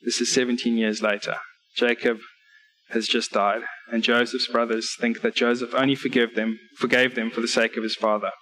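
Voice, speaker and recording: A man's voice: mid-range voice, level tone, moderate pace, sharp tone, rough recording. Man, preacher, church sermon, earnest, direct appeals, numbered points, scripture readings.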